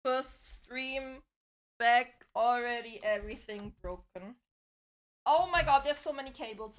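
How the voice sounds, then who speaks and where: A woman's voice: fairly high pitch, measured pace. A woman live streamer chatting casually, flustered and swearing as she troubleshoots her setup.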